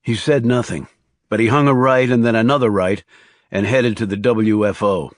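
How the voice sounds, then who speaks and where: A man narrating a crime thriller audiobook in a measured, calm, understated reading. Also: fairly low pitch, no echo, studio quality. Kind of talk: scripted narration.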